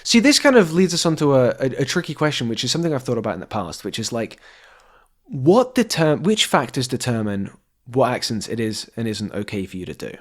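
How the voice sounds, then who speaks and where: A man hosting a podcast, thinking out loud in an animated, discursive way. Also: mid-range voice, a little fast. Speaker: podcast host. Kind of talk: casual chat.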